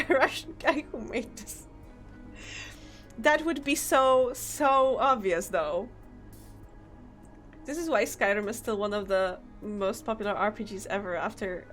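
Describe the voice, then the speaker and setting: A woman streamer giving live gameplay commentary, reacting with excited laughter and disbelief. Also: fairly high pitch.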